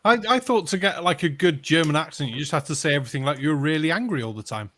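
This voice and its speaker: A man with a bright, ringing voice that swoops up and down as he teases his friends. His tone stays playful throughout. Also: on the high side, expressive, quick pace. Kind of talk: casual chat.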